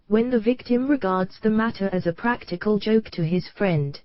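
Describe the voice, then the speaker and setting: A woman narrating nonfiction in a steady, measured read, with a voice pitched in the middle. The sound is dry, with no room around it, and a little muffled in the top end, as if from a modest setup. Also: dry recording. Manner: even, measured reading that voices page headers and numbers aloud. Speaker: audiobook narrator.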